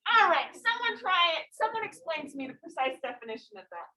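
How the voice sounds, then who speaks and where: A woman's voice: very high-pitched, sing-song, brisk, pushed and bright. A woman teacher leading a class discussion, asking probing questions and laughing often. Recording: echoey classroom from far off.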